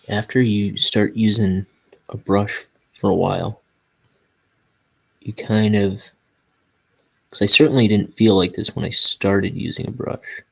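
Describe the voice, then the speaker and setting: This cartoonist talks while he works on inking a graphic novel, rambling along in a self-deprecating way. He sounds on the low side, husky with vocal fry, over a rough recording.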